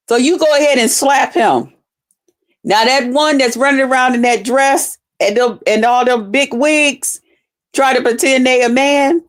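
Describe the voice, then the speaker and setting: A woman hosting a livestream, ranting heatedly and profanely while talking straight to her viewers. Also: high-pitched. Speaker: livestream host. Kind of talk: casual livestream rant.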